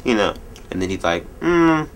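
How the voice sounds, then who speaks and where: A man in his twenties rambling jokily through a late-night vlog at home, telling stories in an animated way. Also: on the low side, normal speed, heavy background noise. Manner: rambling, jokey, animated storytelling. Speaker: vlogger.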